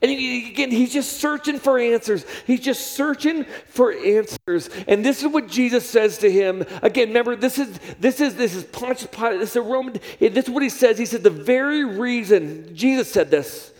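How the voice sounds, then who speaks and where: High-voiced man preaching in a hall. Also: normal speed, few pauses. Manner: repeats phrases for emphasis. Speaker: pastor. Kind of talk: sermon. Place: church sanctuary. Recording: long reverb of a large hall.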